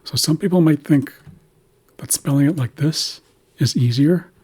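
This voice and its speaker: Very husky man teaching pronunciation. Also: fairly high pitch, dark tone. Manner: patient, slows down to sound out syllables. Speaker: language teacher. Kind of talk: explaining pronunciation of an Indigenous language.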